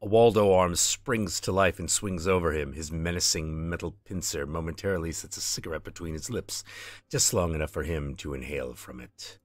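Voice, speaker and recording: A man's voice: sits low, moderate pace, no echo. A male streamer reading game text aloud with casual asides, on a close desk mic.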